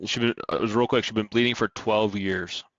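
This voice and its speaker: A man's voice: fairly low pitch, steady tone, a little fast, fairly bright tone, no room sound, dull audio. A man co-hosting a podcast, chiming in with short corrections in casual chat. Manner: brief interjections and corrections. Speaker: podcast co-host.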